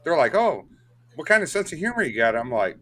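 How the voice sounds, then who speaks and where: A man chatting casually on a podcast, dropping quick quips and odd trivia. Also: on the high side, sing-song, background noise. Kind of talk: casual chat.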